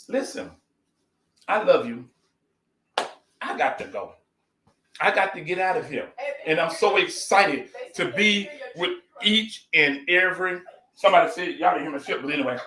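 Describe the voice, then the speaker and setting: A man's voice: high voice, sharp tone, echoey room, poor audio. A man hosting a casual live cooking stream, folksy and effusive, greeting his viewers by name.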